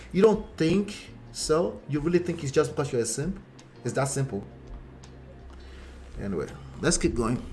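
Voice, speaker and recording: A man's voice: medium pitch, slight background noise. A man with a Nigerian accent, a relationship coach hosting a casual live stream, reading viewer comments and addressing his audience bluntly. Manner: blunt, conversational, calls out viewers and 'gentlemen' directly.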